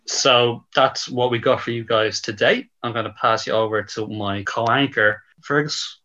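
A man's voice: mid-range voice, steady tone, measured pace, bright, forceful tone. A man hosting a casual podcast, presenting the running order in an upbeat way. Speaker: podcast host. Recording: dull, lo-fi sound.

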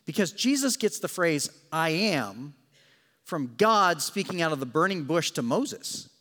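A male pastor preaching in a church with a high voice that swings up and down. He tells the story dramatically and drops in jokes. The sound carries a long hall reverb. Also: moderate pace. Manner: animated, dramatic storytelling with joking asides. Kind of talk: sermon.

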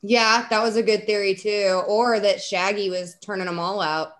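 A woman's voice: mid-range voice, fairly even intonation, moderate pace, fairly bright tone. Chatty young woman, easy podcast banter. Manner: chatty, lots of "like" fillers. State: pregnant. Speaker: guest dog trainer. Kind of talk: casual podcast chat.

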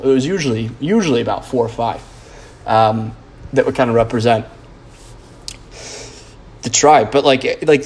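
Rambling loosely through a podcast monologue, this host speaks bluntly and curses, stumbling through fillers and restarts. His pitch is mid-range with a slightly mellow quality.

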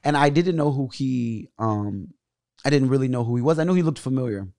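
Here a young adult male comedian, on as a guest, recounts a story briskly, loose and lively in tone. Acting out the scenes sends his voice jumping loud and high.

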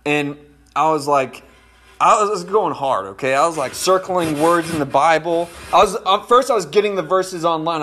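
A man's voice: on the high side, a little fast, fairly bright tone, slight background noise. A man, a pastor with children, preaching a conversational sermon and talking straight to his congregation. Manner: conversational, folksy, addresses congregation directly.

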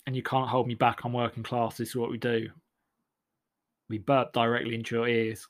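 A man's voice: medium pitch, flat delivery, fairly quick. A man delivers a sardonic, rambling comic monologue full of restarts.

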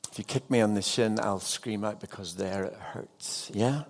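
A man's voice: on the low side, normal speed, vocal fry. A man preaching an evening sermon as a pastor, earnest and putting direct questions to his congregation.

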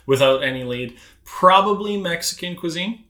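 A man co-hosting a podcast in casual chat, talking with warm enthusiasm. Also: on the high side, animated, moderate pace, roomy sound, over a noisy crowd. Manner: enthusiastic, savoring food talk. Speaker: podcast co-host.

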